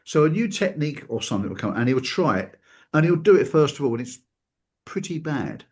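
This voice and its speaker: A man's voice: a little high, very animated, fairly quick, breathy edge. A man hosting a casual talk show, telling stories and mimicking the people he quotes. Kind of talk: casual chat.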